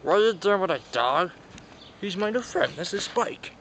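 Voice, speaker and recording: A man's voice: high voice, expressive, normal speed, fairly bright tone, slight background noise. A man improvising a toy-play story, voicing the characters himself with frequent gasps and exclamations.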